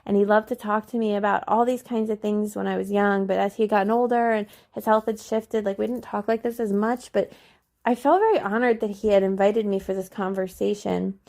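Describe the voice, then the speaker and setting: A young woman hosting a podcast, telling a personal story in a casual way with many "like"s, slowing to a soft, soothing tone at times. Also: medium pitch, steady tone, vocal fry. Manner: soft, slow and soothing when recalling what she told him. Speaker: podcast host.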